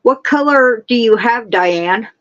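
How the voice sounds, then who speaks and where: A woman hosting a casual livestream, chatting and gushing with excitement. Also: on the high side, slow, dull audio. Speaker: livestream host. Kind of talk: casual chat.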